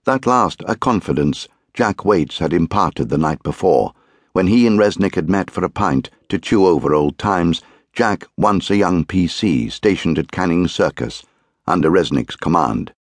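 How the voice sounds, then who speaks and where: Deep-voiced man narrating an audiobook. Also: expressive, dry recording, studio quality. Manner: measured, grave, deliberate. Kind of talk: scripted narration.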